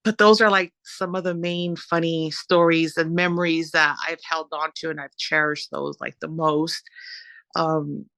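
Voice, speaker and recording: A woman's voice: sits low, unhurried, vocal fry, no echo. Chatty woman guest telling stories. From Southern California. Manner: animated, rambling storyteller with fillers. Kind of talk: conversational storytelling.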